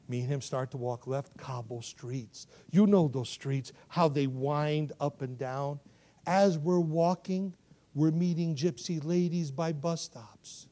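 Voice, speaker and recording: A man, a missionary, preaching and telling a story from his travels, swinging from loud bursts to hushed asides and asking listeners to remember. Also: on the high side, a little slow. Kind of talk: sermon storytelling. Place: church.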